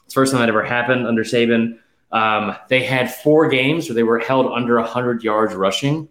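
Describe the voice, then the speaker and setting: A man's voice: mid-range voice, fairly bright tone, reverberant. Emphatic man rattling off stats, slightly breathless. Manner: rapid stat-heavy, emphatic, with fillers. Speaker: podcast host. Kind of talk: casual sports betting chat.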